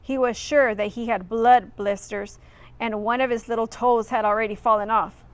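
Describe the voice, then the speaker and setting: A woman's voice: fairly high pitch, steady tone, normal speed, no room sound. A woman reading a children's picture book aloud expressively, adding friendly asides for her listeners. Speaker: reader.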